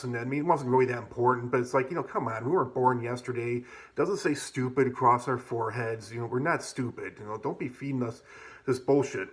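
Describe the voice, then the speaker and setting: A man's voice: medium pitch, fast. A man spins a loose, rambling personal story. He swears freely and leans on fillers like "like" and "you know" as he talks. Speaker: vlogger. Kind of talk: casual storytelling.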